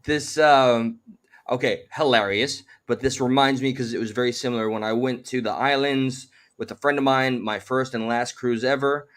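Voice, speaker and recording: A man hosts a casual conversation from his home. His voice sits in an ordinary middle pitch. He phrases things in a wordy, somewhat formal way and often restarts his sentences. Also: fairly even intonation, moderate pace, fairly bright tone. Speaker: host. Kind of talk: casual chat.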